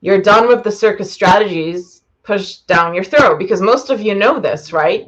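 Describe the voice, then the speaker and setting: A woman's voice: mid-range voice, moderate pace, hardly any pauses, highs cut off. A woman business coach talking bluntly to a live audience, swearing freely and rambling. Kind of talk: live-streamed masterclass.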